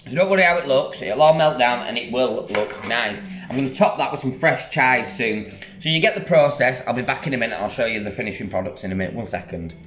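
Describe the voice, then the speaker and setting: A man's voice: mid-range voice, animated, fairly quick, fairly bright tone. Chatty man cooking in an echoey kitchen. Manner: chatty, rambling, enthusiastic about food. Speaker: home cook. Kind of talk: casual cooking vlog. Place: home kitchen.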